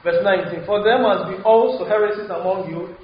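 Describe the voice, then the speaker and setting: A man preaching a sermon, switching between English and Twi, halting with many fillers and restarts. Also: high-pitched. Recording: very echoey hall, dull lo-fi sound, faint hiss.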